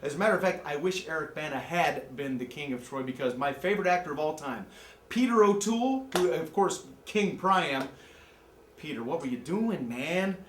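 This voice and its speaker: A man giving a joking, excitable movie review rant, from the American Midwest. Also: fairly high pitch, normal speed, echoey room, a little hiss or hum. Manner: joking, excitable, jumps into mocking voices. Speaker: amateur movie critic.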